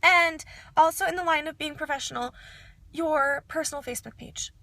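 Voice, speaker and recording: Bright, high-voiced chatty woman. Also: normal speed, dry recording. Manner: chatty, upbeat, lots of fillers. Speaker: direct sales consultant. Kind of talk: casual advice vlog.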